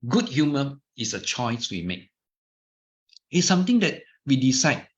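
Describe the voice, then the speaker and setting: A man's voice: medium pitch, big pitch swings, a little slow. Man, Malaysian English accent, middle-aged, chatty storyteller, muffled lo-fi sound. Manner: chatty storyteller, restarts and asides. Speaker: speaker giving a dharma talk. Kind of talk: informal talk with anecdotes. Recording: muffled lo-fi recording.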